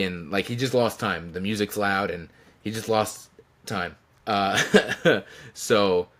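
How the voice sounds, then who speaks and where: A man's voice: sits low, a bit bright. A man casually telling stories to camera from his room, rambling with restarts and chuckles. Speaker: channel host telling stories. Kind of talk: casual storytelling tribute.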